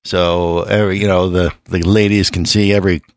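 Raspy-voiced male radio host, low. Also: little pitch movement, normal speed, dry recording, clean studio sound. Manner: joking, teasing banter. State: raspy voice from a cold. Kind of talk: casual radio chat.

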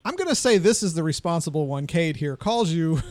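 A man narrating as game master of a tabletop game, playful and quick to laugh. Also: a little high, animated, a little mellow.

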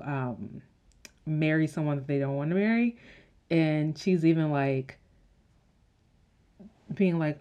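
A woman with a low-pitched voice talks through a season recap. She speaks casually, using lots of "like" and "um" fillers and breaking into quick exclamations. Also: darkish tone, highs cut off. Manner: chatty, many "like"s and "um"s, laughs and gasps. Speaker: show recapper.

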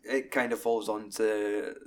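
A young Scottish man chatting casually about a film, sweary and animated as he retells scenes. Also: fairly low pitch, a little slow, background noise. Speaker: podcast co-host.

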